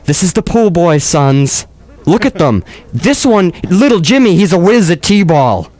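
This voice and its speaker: A man's voice: high voice, big pitch swings, unhurried, a little mellow, pitched above the performer's own voice. A man doing a campy New York gay guy voice, gushing over family photos in a sing-song way.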